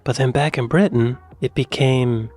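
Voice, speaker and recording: A man's voice: mid-range voice, fairly even intonation, normal speed, darkish tone. A man hosting a casual reaction video, musing aloud and now and then dropping into a whisper. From American South. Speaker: reaction channel host.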